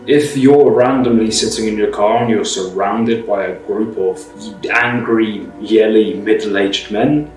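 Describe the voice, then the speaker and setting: A man giving measured, disapproving commentary that explains the law, in the manner of a reaction video. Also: lowish voice. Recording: roomy, distant mic, faint music.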